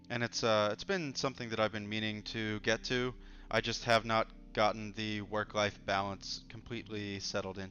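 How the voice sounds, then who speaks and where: A man's voice: lowish voice, pushed and bright, highs cut off, slight background noise. A man hosting an interview, chatty and thinking aloud as he goes. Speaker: host. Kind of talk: casual interview talk.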